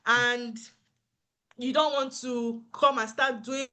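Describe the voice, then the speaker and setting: A woman's voice: a little high, steady tone, takes it slowly, sharp tone. A woman, an earnest nurse giving encouraging career advice and repeating her points for emphasis. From Africa. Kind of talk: motivational advice talk.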